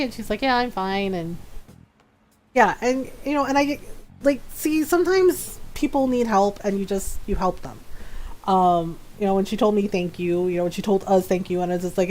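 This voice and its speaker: A woman's voice: on the high side, normal speed, faint music behind. A woman streaming a game, telling stories in a rambling, casual way with lots of filler words and acted-out dialogue. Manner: animated, acts out quoted dialogue. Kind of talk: casual storytelling chat while gaming.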